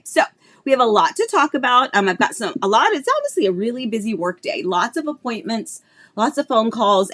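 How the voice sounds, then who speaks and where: A middle-aged woman hosts a casual live stream as a real estate agent, talking straight to the camera in a bubbly, chatty way. She greets viewers one by one. A lingering tickle in her throat keeps catching her voice. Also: medium pitch. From Florida, United States.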